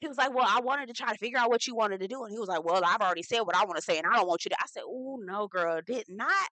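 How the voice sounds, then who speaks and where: A woman hosting a casual reality TV recap, talking in a sassy, profane, animated way and acting out the quotes herself. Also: medium pitch, rapid-fire, no room sound, low-quality recording.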